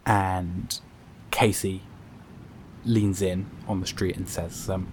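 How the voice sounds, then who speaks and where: A man's voice: deep voice, fairly even intonation, takes it slowly. A man narrating as game master, hesitant and full of fillers. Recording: noisy background.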